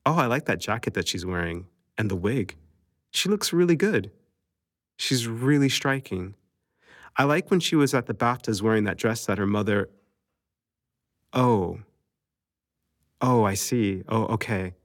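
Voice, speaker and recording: A man's voice: fairly low pitch, lively intonation, a little slow, long pauses, no echo, clean studio sound. Man musing in a casual reaction. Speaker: vlogger.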